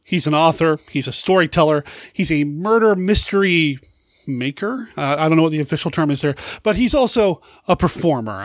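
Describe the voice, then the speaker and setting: A podcast host talks casually and with enthusiasm in a fairly high voice. The sound is dry and close. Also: male voice, no echo. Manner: enthusiastic, rambling.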